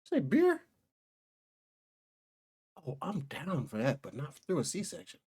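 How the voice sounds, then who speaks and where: A reaction streamer riffs over clips with animated, joking commentary full of slang and laughter. The pitch swings widely, and the speaker keeps up loose, playful asides. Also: normal speed, breathy edge.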